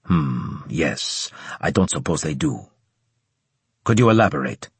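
A man voicing a stern, humorless male senior officer with a slight Japanese accent, speaking in a measured, grave way. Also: extremely low pitch, animated, slightly rough, no room sound, pitched below the performer's own voice, heavily acted.

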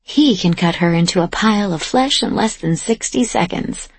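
A man's voice: high voice, moderate pace, slightly rough, no room sound. A woman voicing a scornful, crude young nobleman who sneers and barks orders, in an audiobook. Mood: dismissive.

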